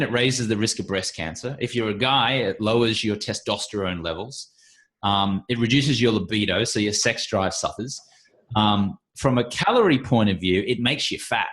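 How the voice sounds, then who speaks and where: A middle-aged Australian man, a podcast guest, talking in a brisk, confident, punchy way. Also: fairly low pitch, a bit bright. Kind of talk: casual interview talk.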